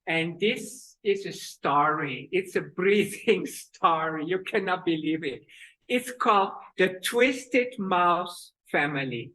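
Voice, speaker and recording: A woman teaching children's breathing exercises and telling a story, with halting speech and fillers. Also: lowish voice, expressive, fairly bright tone, rough recording. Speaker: kids yoga teacher.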